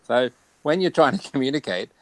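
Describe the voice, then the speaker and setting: A man with an Australian accent in a relaxed, chatty conversation, laughing often. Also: medium pitch, fairly quick, no room sound, poor audio. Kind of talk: casual chat.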